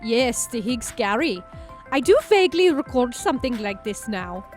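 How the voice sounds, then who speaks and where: A woman's voice: fairly high pitch, very animated, normal speed, faint music behind. A woman voicing a pair of stiff, formal German men in a put-on German accent, with stilted and overly polite phrasing. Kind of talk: let's play character voicing.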